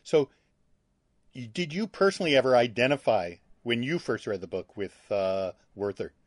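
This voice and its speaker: A man's voice: medium pitch, very animated, normal speed, no echo. A man interviewing a director, asking curious, casual and playful questions.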